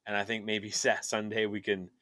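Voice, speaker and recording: A man co-hosting a show, chatting in an excited, rambling way with plenty of fillers. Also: on the low side, moderate pace, no echo, clean studio sound. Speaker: podcast co-host. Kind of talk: casual chat.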